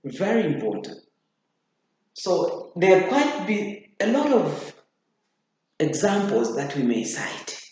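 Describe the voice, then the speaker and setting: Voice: mid-range voice, sing-song, takes it slowly, pauses often, darkish tone. A teacher giving a grammar lesson, repeating key phrases for emphasis and checking in with the students. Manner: addresses students directly with checking questions. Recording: very echoey room, faint noise.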